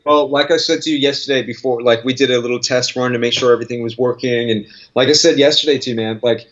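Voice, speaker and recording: A man's voice: mid-range voice, steady tone, fast, highs cut off. A man with an Australian accent, chatting as a guest musician in a casual interview, rambling with restarts. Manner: rambling, restarts, laughs easily.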